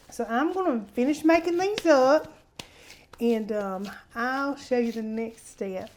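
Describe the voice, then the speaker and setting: A woman's voice: a little high, darkish tone, a little hiss or hum. Chatty woman cooking at home. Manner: chatty and homey, calls viewers honey. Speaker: cooking show host. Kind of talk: casual cooking demonstration.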